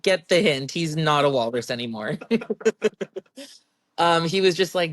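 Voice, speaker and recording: Speaking in a low, unhurried voice with long pauses, a young adult strongwoman recounts her competition stories during a relaxed interview. She's chatty and animated, laughing a lot. The recording is dry and clean, with studio sound.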